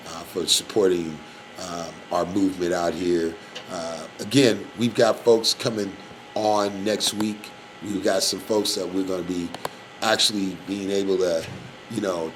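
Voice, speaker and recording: A man's voice: low-pitched, a little hiss or hum, low-quality recording. A man hosting a live community radio show in a loose, casual way, rambling with lots of fillers. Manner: rambling, filler-heavy, shout-outs.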